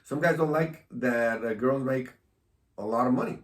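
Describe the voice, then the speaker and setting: Recorded at a distance in an echoey room, a male host with a mid-range voice keeps a casual chat going at normal speed. His style is provocative and teasing, with frequent laughter.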